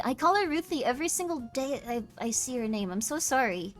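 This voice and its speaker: A young woman with a high voice chats casually to her live-stream viewers, bubbly and a little tired. Her pitch jumps to squeaky highs when she gets excited. Faint music plays softly behind her. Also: moderate pace, few pauses.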